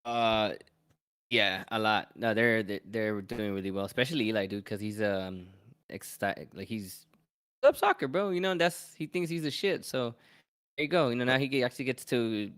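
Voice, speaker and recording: A man's voice: fairly low pitch, lively intonation, fairly bright tone, smooth, no echo, studio quality. A man co-hosting a fan podcast, chatting casually with lots of slang and swearing. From Southern California. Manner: slangy, swearing, fast talker. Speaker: podcast co-host. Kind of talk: casual chat.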